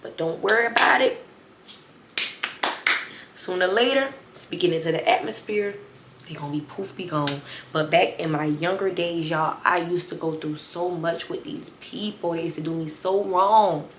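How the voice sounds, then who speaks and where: A woman in her twenties tells a story straight to her viewers with a sassy, animated delivery. Her voice sits a little low, and the room around her rings with a noticeable echo. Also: normal speed, a little hiss or hum. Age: 20s. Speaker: vlogger. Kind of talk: storytime vlog. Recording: roomy echo.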